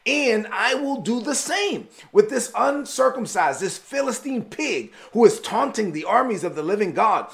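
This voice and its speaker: A man's voice: sits high, very animated, moderate pace, creaky, few pauses, fairly bright tone, heavily acted. A man voicing a bold young male shepherd warrior, telling the king in earnest, emphatic words that he will fight.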